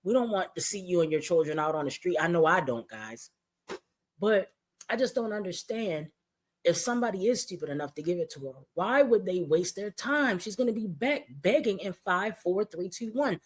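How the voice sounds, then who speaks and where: A commentary host who talks in a blunt, mocking way, full of sarcasm and profanity. The voice sits at an ordinary middle pitch. The delivery is casual, with pointed asides to the viewers. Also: expressive, normal speed.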